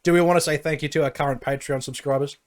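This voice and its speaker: A man hosting a podcast in casual chat, animated and swearing as he talks. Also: a little high, fast talker. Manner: animated, swearing, laughing at his own jokes. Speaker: podcast host.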